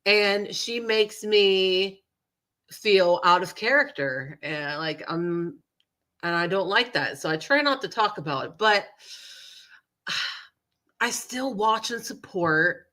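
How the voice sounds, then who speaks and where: Sniffly and still getting over a cold, a woman live streamer chats casually in a nasal, low-leaning voice that sounds pushed and bright. Her talk is gossipy and rambling, sprinkled with apologetic asides.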